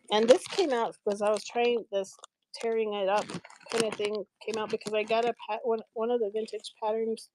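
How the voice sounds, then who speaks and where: A woman's voice: medium pitch, noisy background. Chatty woman crafter on live stream. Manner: chatty, laughs often, many restarts. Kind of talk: casual live-stream chat while crafting.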